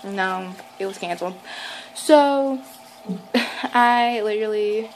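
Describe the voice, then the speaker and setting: A woman's voice: mid-range voice, takes it slowly, slight background noise, poor audio. A woman, telling a rambling story to camera at home with lots of fillers. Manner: rambling and chatty, with many fillers and restarts. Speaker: vlogger.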